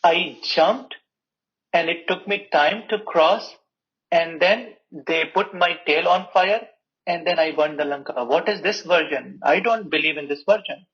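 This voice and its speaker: A man's voice: a little high, unhurried. A man voicing a humble male monkey god who is puzzled and protesting, in a muffled recording.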